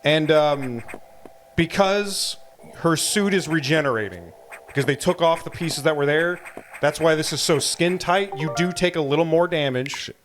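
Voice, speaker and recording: A man's voice: fairly high pitch, moderate pace, a bit bright. A man co-hosting a let's play, casually explaining the game's history and mechanics to a friend. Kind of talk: casual gaming commentary. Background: game music.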